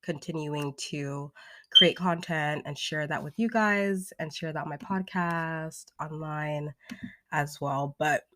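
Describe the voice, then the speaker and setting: A woman's voice: low-pitched, takes it slowly, sharp tone, a little hiss or hum. A young woman in her twenties, a singer and vocal coach, talking casually and upbeat with lots of fillers, as in a live stream replayed as a podcast.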